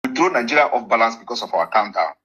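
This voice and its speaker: Boastful man with a bright, husky voice. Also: medium pitch, animated, fast talker. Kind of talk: recorded speech clip.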